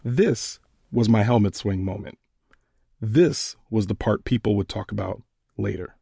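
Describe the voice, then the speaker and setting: A man hosting a podcast, retelling a personal story in a measured, earnest way. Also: on the low side, creaky, mellow, husky, no room sound, studio quality.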